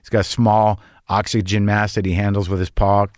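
A man's voice: lowish voice, flat delivery, brisk, a little mellow, no room sound, clean studio sound. A man hosting a podcast, talking in a rambling, anxious, profane comedic monologue. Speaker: podcast host.

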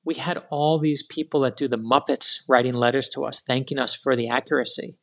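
A middle-aged man, a guest author, telling rambling, animated anecdotes in a casual interview. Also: mid-range voice, brisk, vocal fry.

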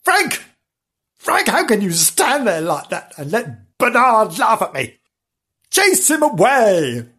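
A man's voice: sits high, expressive, measured pace, fairly bright tone, husky, heavily acted. A man voicing a cross, whiny dog in a comic storybook reading. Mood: indignant. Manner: indignant and whiny.

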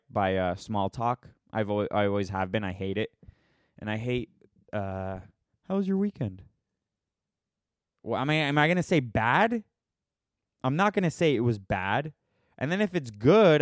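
A man's voice: mid-range voice, no echo, studio quality. A man ranting casually to his viewers, sarcastic and rambling, poking fun at himself. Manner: sarcastic, rambling, self-mocking. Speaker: vlogger. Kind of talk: casual opinion rant.

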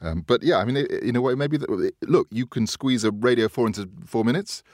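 A man hosting a casual chat show, talking in a chatty way, laughing often and trailing off quietly. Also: mid-range voice, brisk, no echo, studio quality. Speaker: podcast host.

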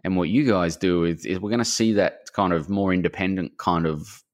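A middle-aged man, an author, talking casually in a podcast interview, rambling and self-deprecating, with animated asides where he quotes people. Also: low-pitched, moderate pace, dry recording, studio quality. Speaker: author and guest.

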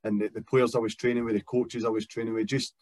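A man's voice: on the low side, little pitch movement, fast, a little mellow. A Scottish man in his thirties, a guest footballer talking in a casual chat, reflective and careful with many fillers. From Scotland.

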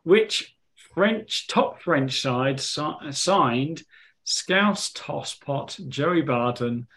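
A man's voice: a little high, animated, very slow, fairly bright tone. A man co-hosting a podcast, quizzing his friend in casual banter and laughing often as he thinks aloud. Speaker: podcast co-host. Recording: podcast recorded at home.

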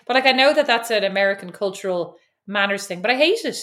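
A woman, co-hosting a casual podcast chat, playful and quick to laugh. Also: on the high side, fairly bright tone. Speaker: podcast co-host. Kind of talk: casual banter.

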